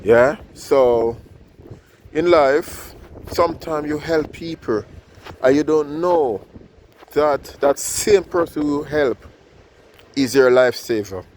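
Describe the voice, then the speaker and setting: A man tells a moral story in a loose, casual way, often stopping to check in with his listener. His grammar is informal and nonstandard, and his voice sits a little high for a man. There is faint background noise behind him. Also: takes it slowly, long pauses, a little mellow.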